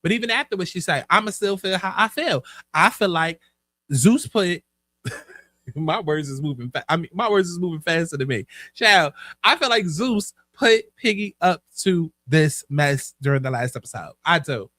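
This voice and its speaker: A man running his own commentary show, sassy and profane. His voice sits high and bright. It is recorded close and dry, with no room around it. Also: animated, moderate pace, no echo. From United States. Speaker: host. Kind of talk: casual commentary.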